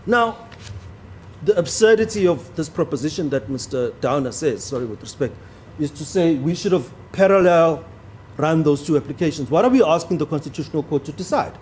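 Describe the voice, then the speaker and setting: A man's voice: on the high side, expressive, brisk, darkish tone, slight background noise. A man arguing a legal point before a judge in a courtroom, formal and deferential to the bench, stressing key words. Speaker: advocate.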